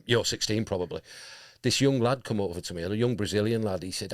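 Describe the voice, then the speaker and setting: Chatty man interviewing, low voice. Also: fast, no echo, clean studio sound. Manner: chatty, rambling, matey. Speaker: radio interviewer. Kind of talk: casual interview chat.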